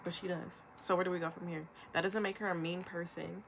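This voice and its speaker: Speaking with vocal fry in a fairly low voice, a young female vlogger launches into a ranting commentary on camera. She's emphatic and rapid-fire, acting out quotes animatedly, and a faint hiss or hum runs underneath.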